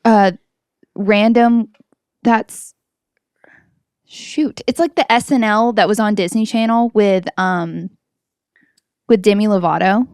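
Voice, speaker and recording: A woman's voice: medium pitch, slow pace, pauses often, darkish tone, clean tone, no echo, studio quality. A woman co-hosting a podcast, chatting casually and telling stories with quoted voices. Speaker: podcast co-host. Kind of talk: casual chat.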